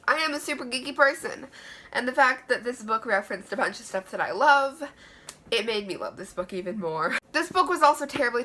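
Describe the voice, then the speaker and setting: Woman, chatty, enthusiastic, fairly high voice, bright and forceful tone. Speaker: book reviewer. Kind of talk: casual book review vlog. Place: room lined with books.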